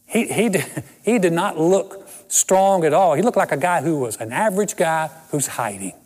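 A man's voice: on the high side, lively intonation, normal speed, a little mellow. Older male pastor in a reverberant hall. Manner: storytelling with self-deprecating humor. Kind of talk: sermon.

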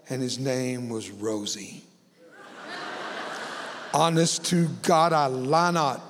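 Man, storytelling sermon, fairly high voice, dramatic, long hall echo. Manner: dramatic storyteller, acts out dialogue, humorous asides. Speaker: guest speaker.

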